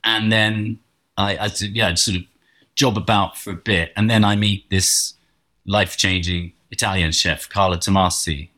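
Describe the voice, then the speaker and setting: A man's voice: sits low, fairly even intonation, normal speed, sharp tone. A middle-aged man from England with a posh English accent, telling long, wry anecdotes in a casual chat, full of restarts. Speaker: guest.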